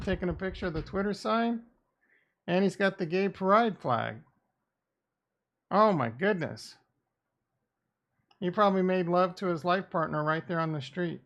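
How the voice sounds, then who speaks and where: A crypto streamer, casually live, mutters profane, sarcastic and blunt asides to himself into his desk mic. He talks briskly in a gravelly, slightly bright voice on the high side, with the top frequencies cut off.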